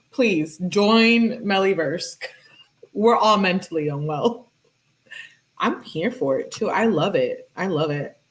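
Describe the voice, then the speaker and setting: A woman hosting a casual true-crime commentary, reading out text messages and reacting in a chatty way, full of "like" and quick laughs. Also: mid-range voice. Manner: chatty, filler-heavy with frequent "like", laughs often. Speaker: true-crime YouTuber host.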